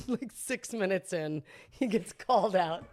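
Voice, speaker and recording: A middle-aged woman, a podcast guest, telling an anecdote in an animated, self-mocking way, laughing often and acting out the voices of people in her story. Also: medium pitch, slow. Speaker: podcast guest, boutique owner.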